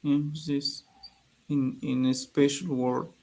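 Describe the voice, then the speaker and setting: A man's voice: medium pitch, little pitch movement, takes it slowly, darkish tone, low-quality recording. A man with a Spanish accent learning English over a video call, searching for words and repeating new terms hesitantly. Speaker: English student.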